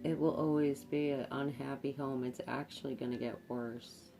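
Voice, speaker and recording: A woman's voice: a bass voice, fairly even intonation, moderate pace, vocal fry, music in the background. A woman giving a tarot reading, speaking hesitantly with many fillers and repeated words. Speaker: tarot card reader. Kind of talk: intuitive tarot reading to camera.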